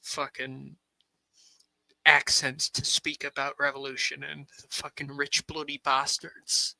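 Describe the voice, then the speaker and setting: Bright excitable man chatting. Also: a little high, takes it slowly, gravelly, no room sound, poor audio. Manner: excitable, swears often. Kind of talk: casual chat.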